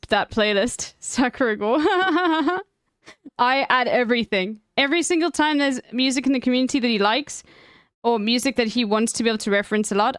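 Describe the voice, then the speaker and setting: A woman's voice: mid-range voice, smooth, no room sound, clean studio sound. A woman chatting casually on her stream, rambling and emphatic with plenty of swearing.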